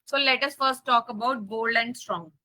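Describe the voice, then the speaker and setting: A woman coding instructor with an Indian English accent teaches a live lesson in a high, pushed, bright voice at a moderate pace. She repeats key points and checks that students understand, and the recording is rough.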